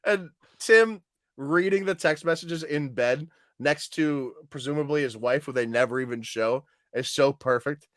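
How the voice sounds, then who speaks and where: A man's voice: medium pitch, normal speed, hardly any pauses, no room sound, clean studio sound. A man co-hosting a casual chat about comedy sketches, laughing often and quoting favorite lines. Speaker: podcast co-host.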